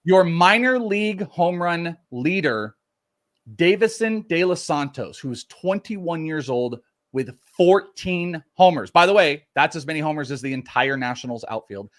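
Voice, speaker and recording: A man's voice: a little high, expressive, measured pace, a bit bright, dry recording, clean studio sound. A man co-hosting a live fantasy baseball show, leaning hard on key numbers as he reads out prospect stats. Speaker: co-host, prospect analyst.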